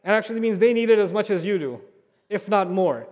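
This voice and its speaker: A man's voice: sits high, expressive, fairly quick, darkish tone. A man giving a heartfelt sermon, repeating phrases and asking the crowd rhetorical questions. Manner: earnest, repetitive, rhetorical questions. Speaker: preacher. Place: mosque hall. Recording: long hall reverb.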